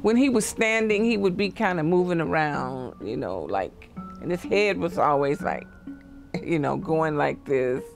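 A woman giving a documentary interview, recalling someone she knew, over soft guitar music. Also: sits low, big pitch swings, measured pace, creaky. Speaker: family acquaintance interviewed.

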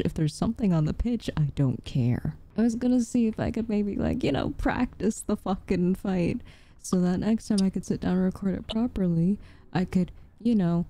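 Young adult woman gamer, casual and profane, exasperated commentary, relaxed dark timbre. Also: mid-range voice. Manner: exasperated, swears constantly. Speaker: let's play gamer.

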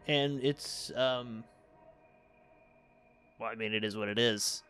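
A man's voice: medium pitch, slow, fairly bright tone, smooth, faint music behind. A young man giving casual, wry running commentary on a city-building game he is playing, with dry sarcastic asides. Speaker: let's play host.

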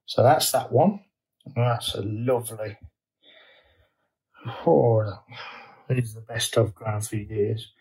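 A man's voice: on the low side, fairly even intonation, slow, long pauses, a little mellow, low-quality recording. A man vlogging from his garden, chatting casually and thinking aloud with fillers and restarts. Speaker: allotment vlogger. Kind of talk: casual chat to camera.

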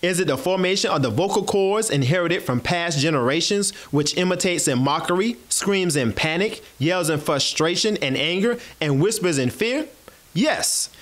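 A man's voice: high voice, moderate pace. A man from South Carolina, chatting casually to his audience and then performing a spoken word poem. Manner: animated, chatty, addresses audience as y'all. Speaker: host.

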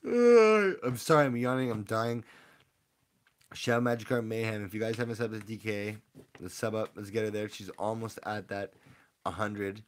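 Young man, low-ish voice, excitable rambling streamer giving shout-outs. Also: moderate pace, a little hiss or hum. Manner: excitable, rambling, hypes up the audience. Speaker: streamer opening trading card packs. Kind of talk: casual live-stream chat with viewer shout-outs.

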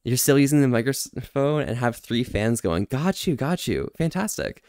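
A man streaming casually, reading viewer chat aloud, laughing often and switching into halting French. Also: medium pitch, expressive, darkish tone, clear, resonant tone, dry recording, studio quality. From Canada.

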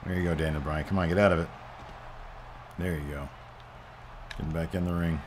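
A man hosting a gaming channel, giving excited play-by-play over a wrestling game with loud exclamations and quiet mutters. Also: low voice, a little fast, background noise.

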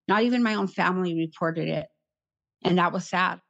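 Woman, middle-aged, low-pitched, plain and halting, repeats herself, muffled sound. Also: vocal fry, fairly bright tone. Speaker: interview guest, survivor. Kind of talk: recounting a personal ordeal. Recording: slightly muffled recording.

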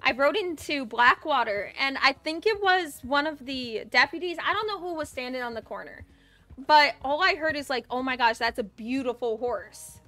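A chatty, excitable woman streamer with a high, bright voice talks casually to her viewers and swears here and there. Soft music plays quietly behind her. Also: moderate pace. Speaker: livestreamer. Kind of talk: casual chat on a live stream.

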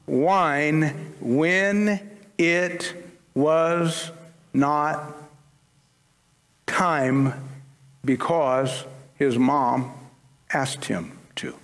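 Long church-hall reverb surrounds this male pastor as he preaches to his congregation in the sanctuary. His voice is on the high side and a bit bright. He keeps things relaxed and chatty, slipping in jokes along the way.

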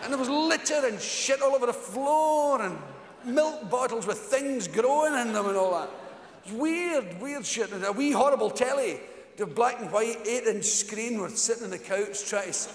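A man's voice: very high-pitched, lively intonation, moderate pace. A man with a Glaswegian Scottish accent telling profane stand-up stories and putting on his friends' voices, with audience laughter behind. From Scotland. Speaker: stand-up comedian. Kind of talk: stand-up storytelling. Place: large theatre on stage. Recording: echoey live theatre recording.

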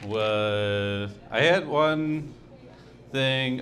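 A male stand-up comedian working through his set at an unhurried pace. His delivery rambles and halts, full of restarts and corrections, and his voice sits at an ordinary middle pitch. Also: a bit bright.

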